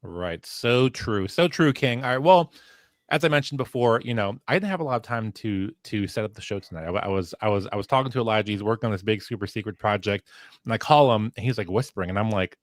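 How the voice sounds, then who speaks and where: A man's voice: fairly low pitch, quick pace, no room sound, clean studio sound. A man filling in as host of a casual livestream talk show, rambling with lots of fillers and restarts, on a headset mic at home. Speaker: fill-in host.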